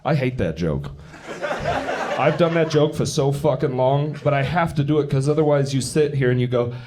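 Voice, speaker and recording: A man's voice: medium pitch, expressive, normal speed, noisy background. A young man from England and California doing a brash, profane, self-mocking stand-up set with crowd work. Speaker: stand-up comedian. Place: theater stage before a laughing audience. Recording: live show with loud crowd laughter.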